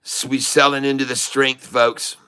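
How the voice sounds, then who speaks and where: A man's voice: medium pitch, flat delivery, moderate pace, sharp tone, smooth. A middle-aged man hosting his channel, giving live trading commentary and urging viewers to buy and sell. He repeats himself and sometimes jokingly puts on a foreign accent. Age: middle-aged or older. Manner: puts on a playful foreign accent to mix things up; repetitive, hype-style urging to buy and sell. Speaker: day trader and channel host.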